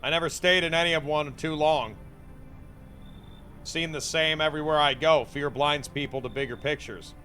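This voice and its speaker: A man voicing a swaggering, rough British drifter with a put-on British accent and slangy tough-guy talk. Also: fairly high pitch, fairly even intonation, moderate pace, sharp tone, soft background music. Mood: cocky.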